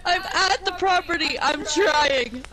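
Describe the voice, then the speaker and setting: A woman's voice: high-pitched, slow pace, crowd noise, poor audio. A young woman playing a game with a friend, giggling and teasing her. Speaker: co-op gamer. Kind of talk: casual gaming chat.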